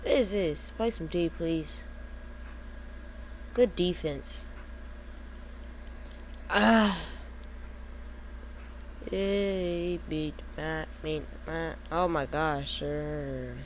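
Woman gamer, slow unhurried delivery, lower voice, exasperated live commentary at her teammates. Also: steady tone, slight background noise. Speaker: gamer streaming an online basketball game.

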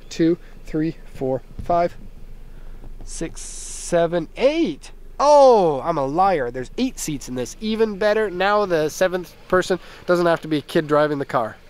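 A young man, a little hoarse from being sick, giving a casual walkaround review from inside a minivan, chatting with jokey tangents into a handheld camera. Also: fairly high pitch, a little mellow. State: slightly hoarse from a recent illness. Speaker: car import dealer and reviewer.

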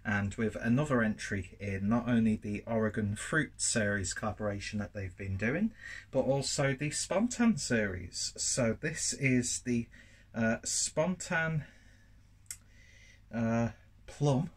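A man's husky, medium-pitched voice moves at a slow pace with lively intonation as he reviews a beer at home while cooking. He comes from northern England yet speaks with a well-spoken southern English accent, and this casual vlog is chatty, meandering and self-deprecating.

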